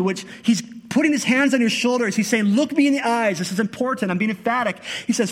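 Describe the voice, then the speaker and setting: A man's voice: high-pitched, expressive, brisk. A man preaching an earnest, emphatic sermon as a pastor. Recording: long hall reverb.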